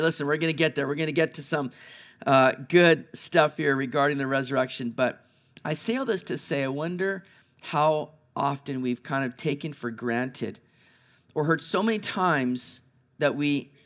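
A man pastor preaching an Easter sermon, moving between hushed, slow passages and raised, urgent ones. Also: medium pitch.

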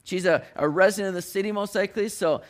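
A man's voice: high voice, fast talker, natural voice. A man voicing the apostle Paul as a pleased, chatty man musing aloud, in a casual aside.

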